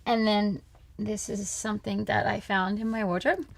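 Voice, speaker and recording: A woman's voice: medium pitch, fairly even intonation, normal speed, creaky. Young Australian woman, chatty guest, rambling interview talk. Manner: chatty, rambling with many fillers. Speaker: guest musician. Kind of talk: casual interview chat.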